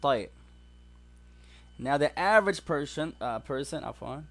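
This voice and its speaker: A man's voice: a little high, expressive, brisk. A man teaching an Arabic grammar class, explaining step by step and mixing English with Arabic examples.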